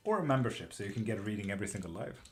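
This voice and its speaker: A man's voice: on the low side, expressive, rapid-fire. A man from Sweden reading tarot on a live stream, answering viewers' questions in a loose, casual way, swearing now and then. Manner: swears casually, laughs often. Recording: clear background noise with keyboard clicks.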